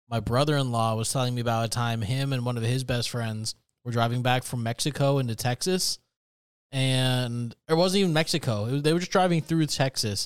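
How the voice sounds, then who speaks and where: A man's voice: medium pitch, clear, resonant tone. A young man casually telling a rambling story on a podcast, full of fillers and laughs. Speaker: podcast co-host.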